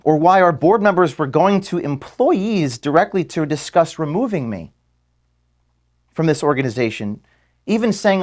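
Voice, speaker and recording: A man recording an emotional statement to his staff from an office, earnest and close to tears, his voice sinking low and quiet at times. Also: expressive, moderate pace. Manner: earnest, voice dropping low and quiet when moved. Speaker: organization founder addressing staff.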